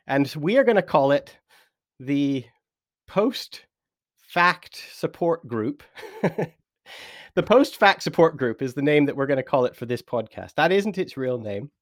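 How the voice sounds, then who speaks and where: A British man hosting a podcast interview, chatty and animated, laughing easily as he introduces his guest. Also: medium pitch, moderate pace, no room sound, clean studio sound. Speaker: podcast host.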